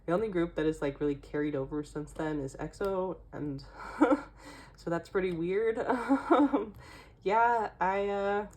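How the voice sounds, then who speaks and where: A woman's voice: fairly low pitch, unhurried, a little mellow. Chatty young woman showing her collection. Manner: chatty, lots of fillers and small laughs. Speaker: K-pop collecting vlogger. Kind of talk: casual collection walkthrough.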